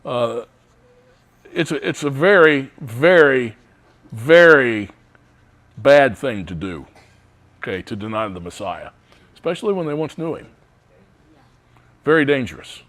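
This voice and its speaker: A man's voice: medium pitch, lively intonation, a little slow, pauses often, fairly bright tone. A man teaching a Bible study, reading scripture aloud with emphasis.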